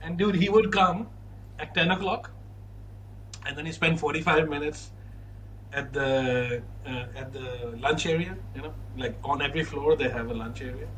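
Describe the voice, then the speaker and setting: A man hosting a casual chat show tells stories in an animated way and laughs often. His voice sits a little high for a man, with a faint hum of ambience behind him. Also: normal speed, low-quality recording. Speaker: podcast host.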